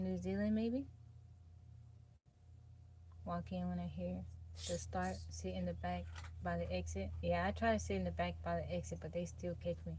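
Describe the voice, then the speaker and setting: A woman's voice: lowish voice, darkish tone, a little hiss or hum. A woman hosting a livestream, chatting casually with viewers and reading out their comments. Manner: laid-back, laughing, reads out and greets chat. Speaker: livestream host. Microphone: phone.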